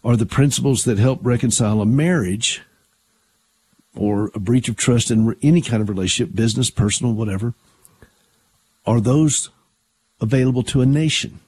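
A man's voice: medium pitch, normal speed, long pauses, a little mellow, husky, dry recording. An older man hosting a Christian talk radio show in an earnest, conversational way, often restarting his sentences.

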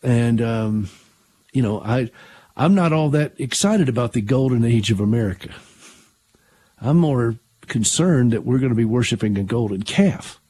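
A man's voice: mid-range voice, animated, moderate pace, mellow, no room sound. An older man hosting a Christian talk radio show in an earnest, conversational way, often restarting his sentences.

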